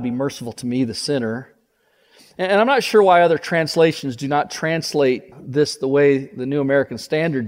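A man's voice: medium pitch, long reverb tail. A man preaching a sermon, passionately voicing a repentant sinner's confession.

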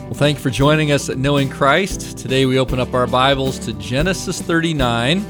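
A man hosting a ministry program, giving an earnest, steady, pastoral introduction to the week's message. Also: medium pitch, brisk, over music. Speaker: radio ministry host. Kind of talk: scripted introduction.

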